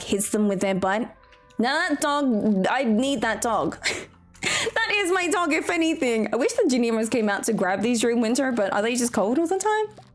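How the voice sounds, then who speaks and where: Young woman, Australian accent, high voice, giggly, rambling casual chat, streamer. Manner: chatty, giggly, rambling with restarts. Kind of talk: casual chat while gaming.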